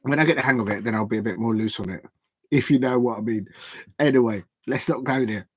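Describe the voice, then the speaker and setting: A man streaming a live football watch-along from home, rambling casually with frequent fillers, false starts and shout-outs to viewers. His voice sits at an ordinary pitch and sounds close and dry, with no room around it. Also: quick pace, slightly rough, no echo. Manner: rambling, hesitant, many fillers and restarts. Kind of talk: casual live match commentary.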